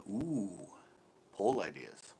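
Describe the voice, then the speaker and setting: A man's voice: on the low side, bright, forceful tone, husky. A middle-aged man hosting a live stream, chatting casually, laughing often and swearing lightly.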